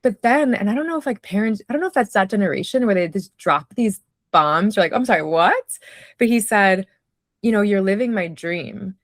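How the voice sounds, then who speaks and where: A woman's voice: mid-range voice, lively intonation, a little fast, no room sound, clean studio sound. A woman telling personal stories in a casual conversation, reflective and chatty, with many fillers. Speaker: podcast guest, writer.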